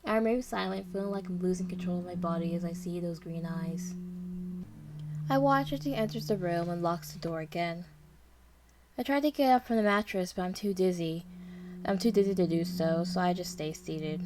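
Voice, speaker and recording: A woman narrating a dark story in the first person, with a dramatic, tense and fearful delivery. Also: on the low side, normal speed. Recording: noisy background hiss.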